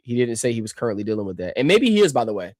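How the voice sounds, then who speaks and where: A man's voice: mid-range voice, very animated, rapid-fire, darkish tone, no echo. Male streamer, combative reaction rant, mocking, dry and close. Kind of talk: ranting reaction commentary.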